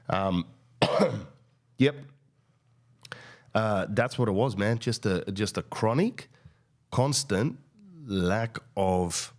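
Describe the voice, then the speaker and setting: Deep-voiced rambling comedian. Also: male voice. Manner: hesitant, many fillers and restarts, profane. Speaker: comedian and podcast host. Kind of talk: casual rambling monologue.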